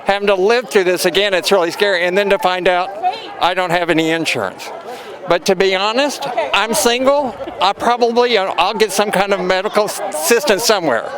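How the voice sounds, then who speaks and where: A man's voice: high-pitched, a little fast. An older man, a bus dispatcher, speaking earnestly and emotionally at an outdoor rally. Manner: earnest, emotional, plain-spoken. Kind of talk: rally testimony. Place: outdoor rally at city hall. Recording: noisy outdoor crowd.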